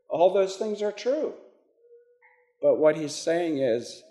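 An older man preaching a sermon, slow and halting, with frequent restarts and fillers. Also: sits high, lively intonation, a little mellow.

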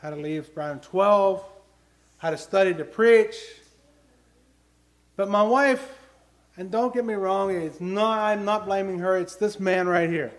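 Earnest high-voiced male preacher. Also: a little slow, long pauses. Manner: earnest storytelling, rising to emphatic questions. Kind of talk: sermon with personal stories.

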